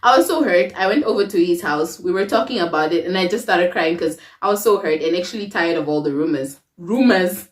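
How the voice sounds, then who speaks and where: A young woman telling a personal story to her viewers in a casual, expressive way, laughing often. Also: on the low side, brisk, hardly any pauses, distant mic. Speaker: storytime vlogger. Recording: roomy echo, away from the mic.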